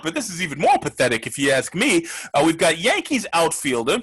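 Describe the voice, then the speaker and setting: A man plays a loud, foul-mouthed gambler hosting a sports show, ranting with a husky edge. His voice sits high for a man and swings wildly up and down, pushing every insult hard. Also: full character voice. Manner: loud, ranting, profane, mocking. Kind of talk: comedic sports rant.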